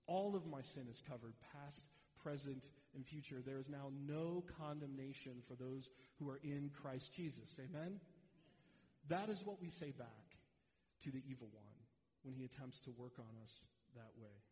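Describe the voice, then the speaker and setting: A man's voice: medium pitch, moderate pace, mellow. A male pastor preaching a sermon, earnest and direct as he speaks to the congregation. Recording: long reverb of a large hall.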